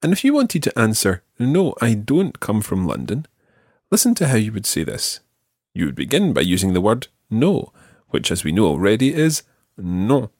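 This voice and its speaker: A man with a husky, fairly low voice leads a French lesson. His delivery rises and falls a great deal as he models each phrase slowly and patiently. The recording is close and dry. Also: huge pitch swings, darkish tone, no room sound. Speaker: French teacher. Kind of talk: language lesson with a learner.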